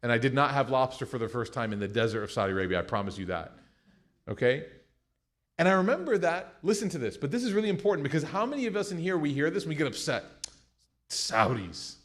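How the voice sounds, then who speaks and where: A man's voice: medium pitch, fast talker. An American man teaching a class, talking casually and retelling stories with jokes. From United States. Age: young adult. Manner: conversational, joking, animated retelling. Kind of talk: class lecture with storytelling.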